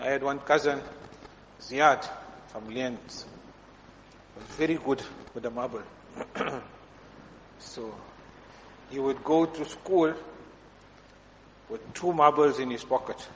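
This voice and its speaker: Throat-clearing preacher in a hall. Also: male voice, medium pitch. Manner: anecdotal, repeatedly clears his throat. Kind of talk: sermon with storytelling. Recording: reverberant hall with faint background noise.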